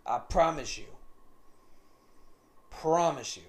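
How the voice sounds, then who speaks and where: A man's voice: fairly high pitch, slow. A man telling a story in a casual, rambling monologue, repeating himself often. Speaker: vlogger.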